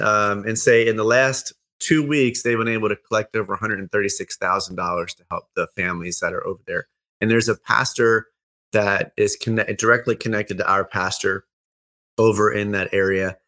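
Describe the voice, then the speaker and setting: A man hosting a casual chat, upbeat and chatty, quick to laugh. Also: lowish voice, bright, forceful tone. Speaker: host.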